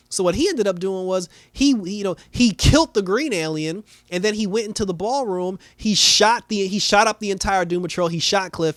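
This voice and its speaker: Male reviewer, casual rambling recap, slangy, quick to laugh, slightly raised pitch. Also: fairly bright tone, dry recording. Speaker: TV episode reviewer.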